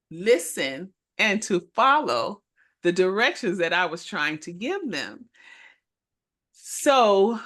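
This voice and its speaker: A middle-aged woman telling stories with a bright, forceful tone. She co-hosts a casual chat and acts out the people in her stories with lively character voices. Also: mid-range voice. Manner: animated storyteller who acts out voices. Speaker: co-host and minister.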